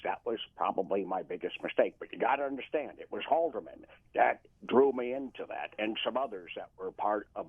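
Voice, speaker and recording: Impression: man playing an old ex-president, husky, low, rambling, phone-line sound. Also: no room sound. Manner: rambling, mumbling, with a wistful boast. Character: elderly former US president, gruff, self-justifying. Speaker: impressionist caller. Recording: phone-like, narrow telephone line.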